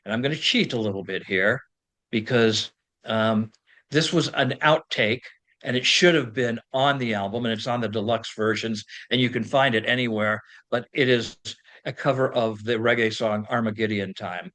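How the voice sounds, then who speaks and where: A man co-hosting a podcast, speaking in a measured, thoughtful way in casual chat about music. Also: medium pitch, sharp tone. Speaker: podcast co-host.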